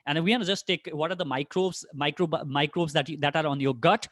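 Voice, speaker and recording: A man with an Indian English accent speaks in a fairly high, lively voice, addressing an online conference crowd with question after question. The recording is dry and close, with no room sound around him. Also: brisk, no room sound. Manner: animated, addresses audience directly with many rhetorical questions. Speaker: podcaster giving a career talk. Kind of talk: energetic online conference talk.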